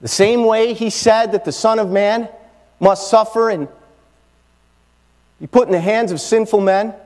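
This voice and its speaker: High-pitched guy preaching hard, gets loud then drops way quiet, repeats himself, big echo in the church. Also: steady tone, a little slow. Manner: fervent preaching, swings from loud to hushed, repeats phrases. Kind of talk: sermon.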